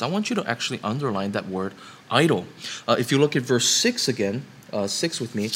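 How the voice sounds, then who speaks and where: A man's voice: medium pitch, lively intonation, a little fast, fairly bright tone, a little hiss or hum. A man preaching a sermon, building up to emphatic rhetorical questions.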